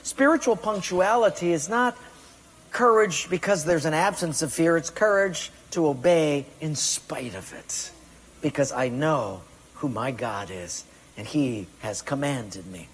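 A man's voice: on the high side, expressive, unhurried, slightly rough. A man preaching a sermon, emphatic, firing rhetorical questions at his congregation. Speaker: pastor. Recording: long reverb of a large hall.

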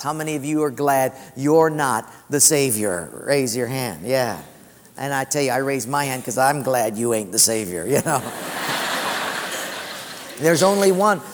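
A male pastor preaching fervently, swinging between loud and hushed and slowing on key words. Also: fairly high pitch. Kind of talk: sermon. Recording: long church-hall reverb.

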